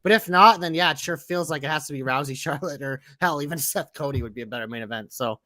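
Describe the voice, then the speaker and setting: A man's voice: fairly high pitch, fast talker, bright, forceful tone, no echo. A man co-hosting a casual wrestling podcast, ranting animatedly and swearing freely. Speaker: podcast co-host.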